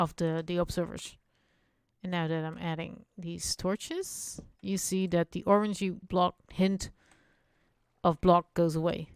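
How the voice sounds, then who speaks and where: Slow, smooth-voiced woman streamer. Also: lowish voice, dry recording. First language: not English. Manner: rambling and chatty, muttering to herself while playing. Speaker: Minecraft streamer. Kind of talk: casual live-stream chat while building.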